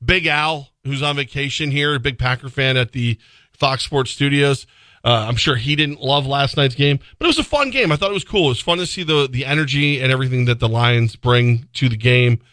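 A man's voice: medium pitch, a little fast, fairly bright tone, no room sound. A man co-hosting a sports radio show, chatting casually and rambling through a live ad read, laughing easily. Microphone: studio microphone.

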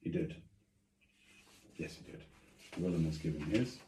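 Male game master, unhurried and descriptive with fillers, echoey room. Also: a bass voice, warm tone, a little hiss or hum. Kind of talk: narrating a tabletop game.

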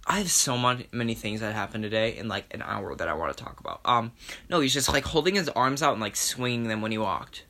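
Fairly quick, with a medium pitch and a bright, forceful tone, a young man talks alone on his podcast. The monologue is casual and meandering, full of swearing and self-mockery.

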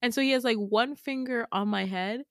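A woman's voice: a little fast, no echo. Chatty woman telling a dream, dry sound. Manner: chatty, frequent "like" fillers, swears freely; animated, swings into sudden high exclamations. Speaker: podcast host. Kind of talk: casual storytelling of a dream.

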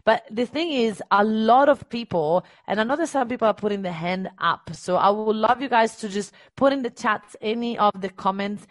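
Energetic woman business coach, dry sound. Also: fairly high pitch, normal speed, hardly any pauses, no room sound. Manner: energetic, encouraging, emphatic. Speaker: business coach hosting a live session. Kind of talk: live-stream coaching chat.

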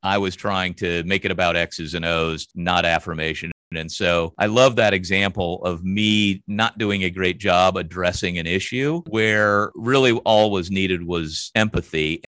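A man, a company CEO, talking on a video call as an interview guest, animated and stammering into restarts when he gets excited. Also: low-pitched, a little slow, hardly any pauses, no room sound. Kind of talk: conversational interview storytelling.

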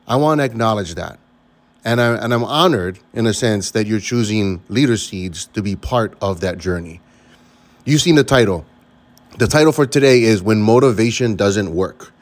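A man's voice: mid-range voice, darkish tone. A man hosting a leadership podcast, talking earnestly and emphatically, often repeating words for stress. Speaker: podcast host. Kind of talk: motivational podcast talk.

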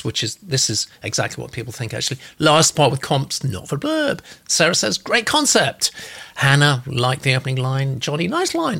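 A man's voice: medium pitch, vocal fry, bright, forceful tone. A man hosting a casual live show, chatting loosely and reading out audience comments. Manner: chatty, reads out comments with fillers. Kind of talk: casual live-stream chat.

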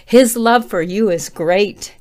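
Woman preacher, middle-aged, fervent pleading prayer that builds to near-yelling. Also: mid-range voice, takes it slowly. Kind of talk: passionate prayer and sermon.

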